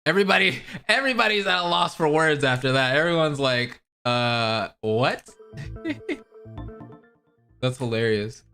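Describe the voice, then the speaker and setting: A man casually commenting on a video he is watching, excitable and chatty, often repeating himself. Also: on the high side, moderate pace, faint music behind. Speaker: reaction commentator.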